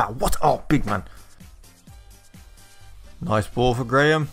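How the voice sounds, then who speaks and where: A young man giving excitable live commentary on a football video game, shouting at his players. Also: on the low side, slow pace, pauses often, soft background music. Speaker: gaming YouTuber.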